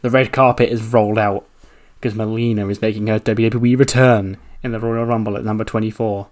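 A man's voice: fairly low pitch, flat delivery, a little fast, darkish tone, soft background music. A man casually narrating a wrestling simulation playthrough, chatty and loose, laughing and swearing as he goes.

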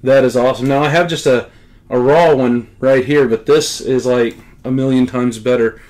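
Speaking at medium pitch and normal speed, a middle-aged man unboxes comics in a relaxed, chatty way. He's a collector who repeatedly bursts out with eager gratitude.

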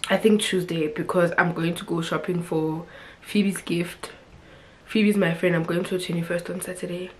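A woman's voice: on the low side, fairly even intonation, normal speed, slight background noise. A young woman from Africa, chatting casually and expressively to camera with frequent laughs and fillers. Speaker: vlogger.

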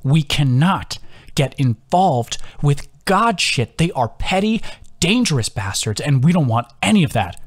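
A man's voice: a little high, very animated, a little slow, pitched above the performer's own voice. A man voicing a worried young male companion who talks bluntly and swears freely. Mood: exasperated.

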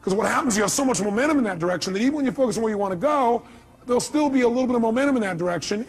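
A man giving a motivational seminar to a live audience, telling stories with animated, acted-out quotes and sudden leaps in pitch. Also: husky. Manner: animated storytelling, acts out quotes with big pitch jumps. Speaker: motivational speaker.

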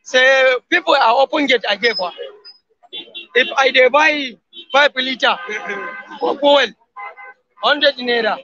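A man with a Nigerian Pidgin English accent gives an emphatic street interview, swearing "wallahi" often. His very high voice is pushed and bright, a little slow, with long pauses, and the recording is muffled.

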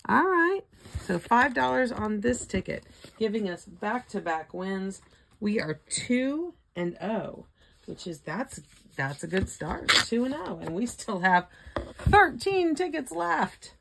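Slow gravelly older woman, hoarse. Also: medium pitch, animated, slight background noise. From Florida. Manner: slowly calls out ticket symbols one by one, chatty asides. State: hoarse, throat not cooperating. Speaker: scratch-off ticket vlogger. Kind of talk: casual running commentary.

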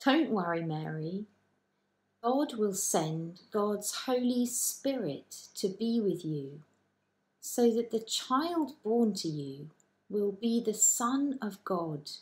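A woman voicing the angel Gabriel, calm and comforting, in a children's Bible story. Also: medium pitch, slow pace. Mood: reassuring. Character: gentle reassuring angel Gabriel.

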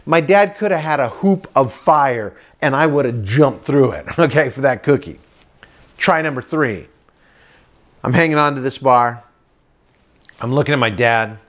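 A man doing stand-up comedy, telling a story with lively acted-out voices and sound effects. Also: medium pitch, moderate pace. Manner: animated, acts out voices and boat sounds.

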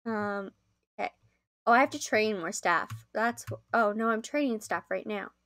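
A young woman chatting casually to viewers as she plays a game on a live stream, easily excited. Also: mid-range voice, moderate pace.

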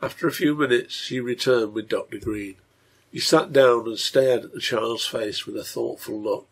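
A man reading a serialized story aloud in a measured way. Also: medium pitch, breathy edge. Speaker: reader and translator.

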